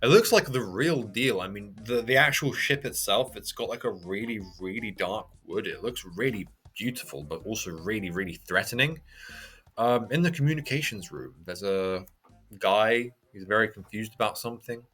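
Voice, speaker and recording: A man's voice: fairly low pitch, normal speed, a bit bright. A man hosting a reaction channel, reading a manga aloud and commenting in a chatty, hesitant way. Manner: chatty, hesitant with many fillers.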